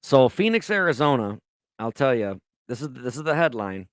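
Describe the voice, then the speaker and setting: A man's voice: mid-range voice, big pitch swings, moderate pace, no echo, clean studio sound. Profane rambling man in his thirties. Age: 30s. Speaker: podcast co-host. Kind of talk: casual chat.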